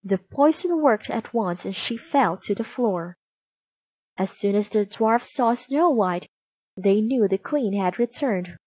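A woman narrating a storybook aloud, slow, clear and expressive. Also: mid-range voice, no room sound.

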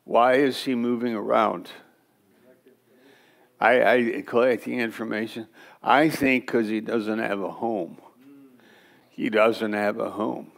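A man teaches a church Bible class at an unhurried, deliberate pace. His low voice has a gravelly edge, and he talks in a loose, conversational way that wanders into asides. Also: steady tone.

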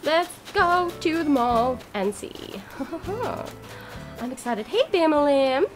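A woman giving casual gameplay commentary as a YouTuber, gushing, giggly and excitable, with mild swearing. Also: high voice, slow, over music. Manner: bubbly, giggly. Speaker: gaming YouTuber.

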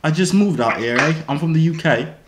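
A man's voice: sits high, expressive, a little fast, over a noisy crowd. A man putting on an exaggerated fake British accent, ending his lines with "eh?" during a prank video chat. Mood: cocky, playful. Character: man faking a cheesy British gent. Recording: roomy echoey room.

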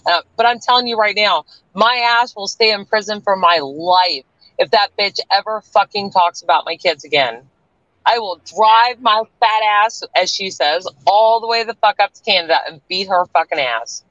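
A furious woman rants with heavy profanity on a livestream call, her voice sitting at an ordinary middle pitch. The stream audio is dull and lo-fi, and her sound is dry and close with no room around it. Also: normal speed, a bit bright, no echo. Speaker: livestream guest. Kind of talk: angry livestream rant. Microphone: online stream call audio.

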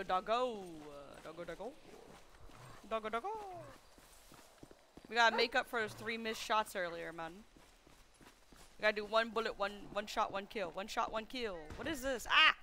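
A woman streaming a game roleplay, chatting excitably and calling out to her in-game dog while hunting. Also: medium pitch, noisy background.

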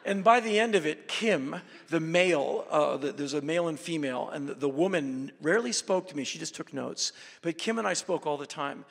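Gravelly man talking in a big hall. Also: a little high, a little fast, hardly any pauses. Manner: intense, emphatic, swings into loud bursts. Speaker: guest speaker at a university event. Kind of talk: live storytelling talk to an audience. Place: auditorium. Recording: reverberant hall.

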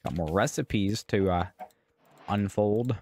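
A man's voice: lowish voice, takes it slowly, a little mellow. A young man casually commenting while gaming, jittery and swearing, yelping when startled. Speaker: gaming YouTuber. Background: music.

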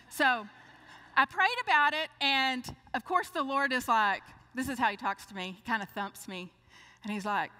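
Older woman, sermon, lively storyteller, bright and forceful, long church reverb. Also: a little high, normal speed. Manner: lively storyteller acting out dialogue. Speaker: speaker.

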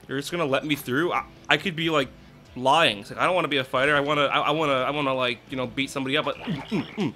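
A man's voice: fairly high pitch, fast, sharp tone. A young man commenting on his own gameplay in a rambling, self-interrupting way. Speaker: let's play host.

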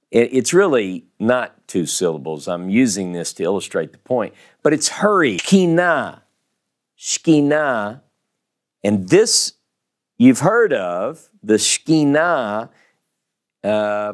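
Slow, emphatic Southern man teaching. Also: mid-range voice, a little mellow. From American South. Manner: slow, emphatic, repeats key words. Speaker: Bible teacher. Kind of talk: Bible teaching lecture.

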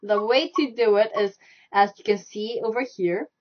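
A woman's voice: medium pitch, moderate pace. A young woman teaching a live online Korean lesson, repeating stroke directions and sounds over and over as she demonstrates. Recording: dull lo-fi live stream audio.

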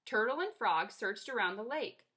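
Bright, expressive teacher reading a storybook to her class, woman. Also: fairly high pitch, normal speed, husky. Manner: lively, expressive read-aloud. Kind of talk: reading a picture book aloud to a class.

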